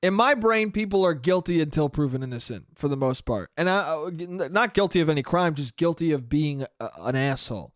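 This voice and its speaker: Young man, solo podcast monologue, rambling, swears a lot, slightly high voice. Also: expressive, fairly quick, hardly any pauses, no room sound, studio quality. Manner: rambling, profane, self-deprecating. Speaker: podcast host.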